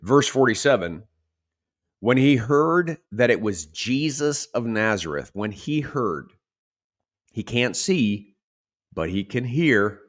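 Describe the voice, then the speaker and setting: Male pastor, lively sermon delivery, mid-pitched voice, dramatizes quotes. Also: takes it slowly. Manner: animated preaching, acts out shouted quotes.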